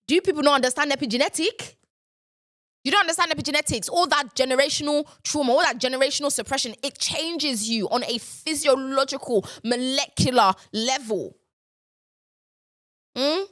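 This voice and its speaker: A woman's voice: high-pitched, normal speed, fairly bright tone, no echo, studio quality. Exasperated woman ranting. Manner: exasperated, ranting, repeats herself. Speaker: podcast host. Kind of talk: casual ranting monologue.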